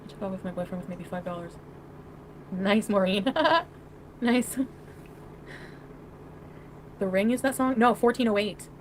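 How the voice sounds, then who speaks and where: A woman's voice: mid-range voice, unhurried, pauses often. Rambling giggly woman in a noisy clip. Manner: rambling, giggly, oversharing chatter. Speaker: live streamer. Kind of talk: casual live-stream chat. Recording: clip played in a stream with steady background noise.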